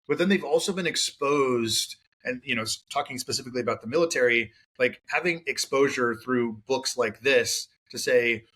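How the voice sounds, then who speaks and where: A man's voice: medium pitch, moderate pace, hardly any pauses, fairly bright tone, slightly rough. A man hosting a podcast, talking with a guest in a thoughtful, loose way. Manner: thoughtful, loose phrasing with fillers. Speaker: podcast host. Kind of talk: casual podcast interview.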